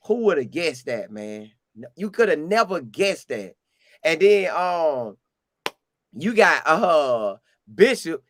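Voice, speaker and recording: A high-voiced Southern man from Florida tells a casual story about a game visit, slowly and animatedly, acting out quotes in an even higher voice. There is slight background noise.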